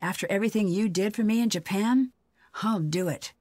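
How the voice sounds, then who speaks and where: A woman's voice: mid-range voice, fairly quick, dry recording, studio quality, natural voice. An actress playing a young, skeptical woman detective in a game. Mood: calm. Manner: calm, inquisitive.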